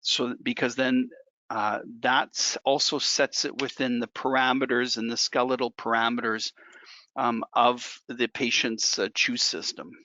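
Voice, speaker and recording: A man's voice: mid-range voice, flat delivery, a little slow, bright, forceful tone, a little hiss or hum. A man working as a dental technician instructor, walking through a hands-on demonstration in a conversational way and repeating key points for emphasis. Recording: dull dry lo-fi recording.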